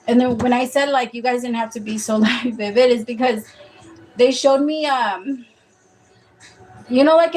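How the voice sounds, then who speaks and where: A woman with a somewhat high voice doing a loose, rambling tarot reading on a live stream. She talks in casual bursts, swears offhand and laughs a lot. Faint room ambience sits behind her. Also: darkish tone, a little hiss or hum. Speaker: tarot reader.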